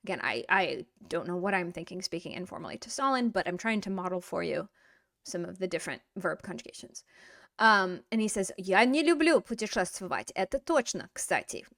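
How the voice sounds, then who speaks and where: A woman's voice: lowish voice, lively intonation, brisk, vocal fry, pushed and bright, no room sound, clean studio sound. A woman teaching a casual video language lesson in a playful, chatty way that pokes fun at herself. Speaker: Russian teacher.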